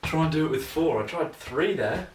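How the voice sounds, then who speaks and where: A young man vlogging casually while he practises juggling, thinking out loud in a rambling, self-mocking way. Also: fairly high pitch, lively intonation, normal speed. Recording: echoey room, mic at a distance, noisy.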